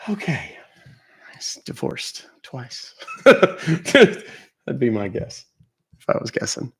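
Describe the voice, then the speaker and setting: A man's voice: mid-range voice, very animated, slow pace, fairly bright tone, slightly rough. A man hosting a live stream where he calls scammers, telling stories and joking between calls. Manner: joking storyteller, laughs at his own jokes. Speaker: livestream host calling scammers. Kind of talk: casual live-stream chat.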